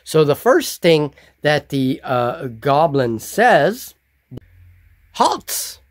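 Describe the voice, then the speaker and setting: A man narrating a solo tabletop game as game master, describing the scene slowly and deliberately. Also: on the high side, very animated, no echo. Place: hobby table with miniatures.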